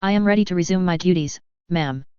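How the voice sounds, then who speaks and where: A woman reading the lines of a calm, firm male ex-Marine sergeant in an even, professional way. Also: fairly low pitch, a little fast, clear, resonant tone, no room sound, close to an everyday voice. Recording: dull, muffled recording.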